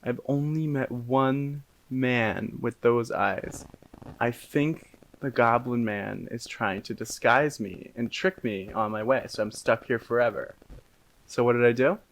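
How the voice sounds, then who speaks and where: A man improvising a silly quest story on a comedy podcast. He delivers his lines in a deadpan, drawn-out way, with a pitch in the middle of the usual range. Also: vocal fry. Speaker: podcast co-host.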